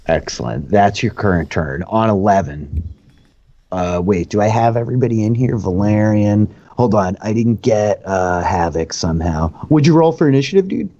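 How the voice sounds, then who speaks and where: A man's voice: fairly low pitch, expressive, moderate pace, mellow, muffled recording. A man narrating a tabletop game as dungeon master, talking loosely with lots of "like" and fillers.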